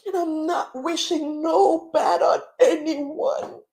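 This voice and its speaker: Woman livestream host, tearful and preaching, warm and slow. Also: sits high, fairly even intonation, gravelly. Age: adult with children. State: crying at times. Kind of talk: emotional livestream talk.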